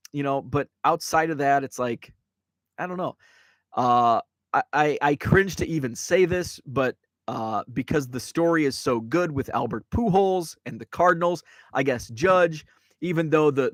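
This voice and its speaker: A man of ordinary pitch chats loosely on his live stream, stopping to read out viewer comments. His talk wanders with many ums and restarts, and the sound is close and dry with no room around it. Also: no room sound. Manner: rambling, many fillers and restarts; reads viewer chat aloud. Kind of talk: casual live-stream chat. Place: Wisconsin home.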